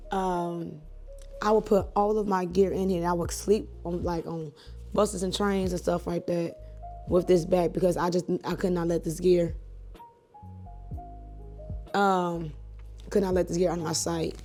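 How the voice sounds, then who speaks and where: A woman in her thirties, a church and wedding photographer, chatting to camera at home in a lively, rambling way. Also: fairly low pitch. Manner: chatty, animated, digressive. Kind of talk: casual talk to camera.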